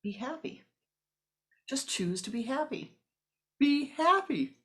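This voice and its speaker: A woman's voice: fairly high pitch, a little slow, pitched above the performer's own voice. A woman doing a serene smiling yoga teacher. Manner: gentle, repeating himself softly.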